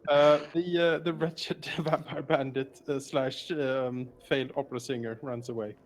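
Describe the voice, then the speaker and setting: A man narrating a tabletop game as game master, describing actions quickly and laughing often. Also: mid-range voice, fairly even intonation.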